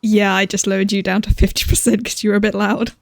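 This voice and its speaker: A woman's voice: medium pitch, little pitch movement, fast talker, vocal fry, no room sound. A woman chatting casually during a game session, explaining things as she plays. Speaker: co-player. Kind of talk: casual gaming chat.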